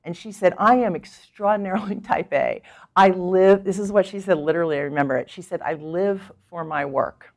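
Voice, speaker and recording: A woman's voice: lowish voice, fairly quick. A middle-aged woman physician giving a talk, telling patient stories and acting out what people said, with frequent restarts. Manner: animated storyteller, acts out quoted people with laughs; thinks aloud with restarts and fillers. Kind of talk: conference talk with storytelling.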